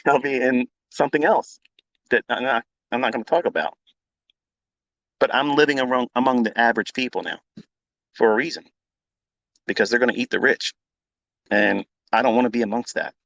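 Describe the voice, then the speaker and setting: A middle-aged man rants at his listeners in a blunt, profane, unscripted way, repeating his points and flaring into loud outbursts. His voice sits at an ordinary male pitch, and the sound is dry and close with no room echo. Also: normal speed, gravelly, pauses often. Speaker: trading educator hosting a live audio chat.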